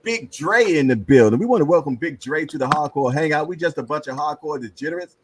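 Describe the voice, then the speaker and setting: Over poor audio, a middle-aged man with a fairly high voice hosts a casual hangout show. He jokes loosely in slang and tells stories, laughing often.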